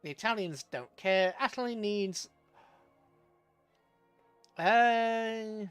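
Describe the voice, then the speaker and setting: A man's voice: high voice, very slow, fairly bright tone, smooth, no echo, soft background music. A man chatting casually through a live game stream, laughing often and talking to his chat. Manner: chatty, chuckling, talks to chat. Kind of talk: live gameplay commentary.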